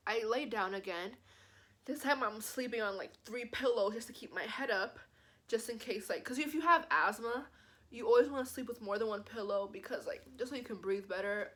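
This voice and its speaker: Chatty young woman telling a storytime. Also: on the high side. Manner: animated, says "like" constantly. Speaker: vlogger. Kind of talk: storytime vlog.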